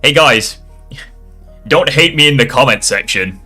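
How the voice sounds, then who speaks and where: A man's voice: mid-range voice, lively intonation, unhurried, bright, forceful tone, soft background music. A young man reacting live to a video, sarcastic and exasperated, swearing often.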